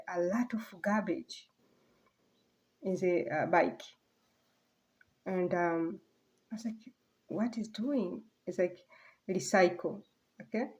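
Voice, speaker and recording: Soft-spoken woman rambling in a vlog. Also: medium pitch. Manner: halting, rambling, many fillers and restarts. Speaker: vlogger. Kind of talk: casual personal vlog monologue.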